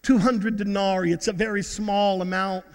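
A man's voice: high voice, little pitch movement, normal speed, voice pushed down. A man acting out a worried male disciple at a loss over feeding a crowd, in a reverberant hall.

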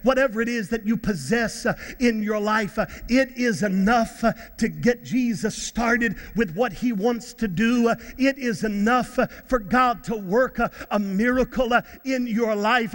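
A male pastor preaching a sermon in a church, stumbling over fillers and repeats, then rising to shouts. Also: very high-pitched, a little slow, hardly any pauses, long reverb tail. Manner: repetitive, many fillers, bursts to shouts. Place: church sanctuary.

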